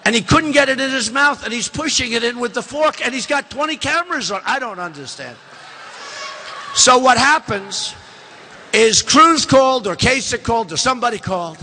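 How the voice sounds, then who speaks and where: A man's voice: extremely high pitch, lively intonation, moderate pace, pushed and bright, a little hiss or hum. Boastful older man speaking in an echoing hall. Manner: boastful, rambling, mocking asides to the crowd. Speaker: political candidate. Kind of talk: campaign rally speech. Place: large indoor events hall. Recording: long hall reverb from a live rally.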